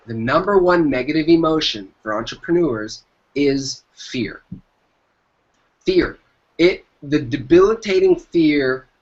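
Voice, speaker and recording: On dull lo-fi audio, a man with a voice on the high side and a bit bright appears as an entrepreneur guest in an interview. He gives emphatic motivational business advice, repeating his key phrases.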